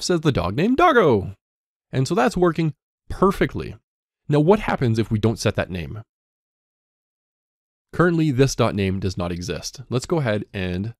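A man's voice: no room sound, studio quality. A man teaching a coding lesson, explaining step by step and reading code aloud as he types. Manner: lively ups and downs in pitch. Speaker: coding instructor.

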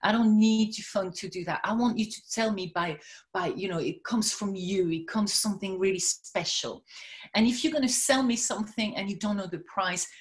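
A woman coaching salon owners in a webinar. Her delivery is energetic and emphatic, and she often doubles up words and phrases to drive a point home. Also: mid-range voice, normal speed. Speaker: spa and salon business coach. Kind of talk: webinar presentation.

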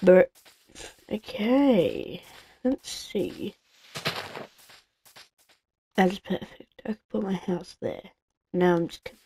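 A woman's voice: on the low side, expressive, takes it slowly, long pauses, dark tone. A woman giving casual, rambling commentary while playing a video game at home, talking to herself with lots of fillers. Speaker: gameplay video creator. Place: home on a busy street. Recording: street traffic noise behind. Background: passing trucks.

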